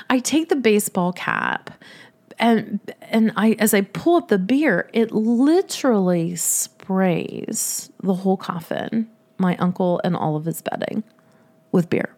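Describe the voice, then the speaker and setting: A woman spins a comic personal tale, her voice sitting at an ordinary middle pitch. She keeps laughing through her own story as she tells it, animated and expressive. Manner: animated, laughs often while telling.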